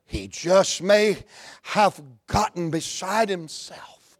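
Fervent high-voiced Southern preacher. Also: male voice, slow pace, no echo, studio quality. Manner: fervent, swings from hushed to shouting. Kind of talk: revival sermon.

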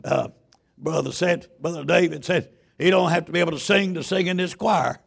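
A man preaching a sermon in a church. He is a loud, folksy Baptist pastor who tells stories with stammering restarts. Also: on the high side, fairly quick, creaky, breathy edge. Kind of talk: sermon with storytelling.

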